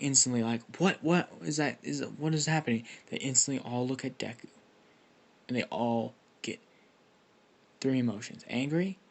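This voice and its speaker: A man's voice: medium pitch, gravelly. A young man casually improvising a fan story, rambling and swearing with lots of restarts.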